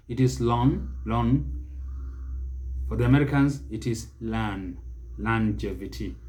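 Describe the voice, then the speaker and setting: With a medium-pitched, dark-toned voice, a man with a Kenyan accent gives an English pronunciation lesson. He speaks carefully and says each word again to stress it.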